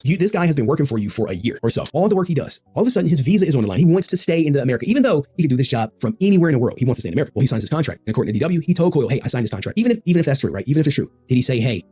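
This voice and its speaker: A man's voice: medium pitch, big pitch swings, racing, hardly any pauses, dark tone, slightly rough, dry recording. A man commentating in an online video, reading documents aloud and asking rhetorical questions.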